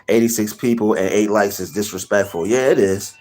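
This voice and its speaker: A young man hosting a casual livestream, rambling and giving shout-outs to chatters by name. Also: on the low side, fairly quick. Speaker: livestream host.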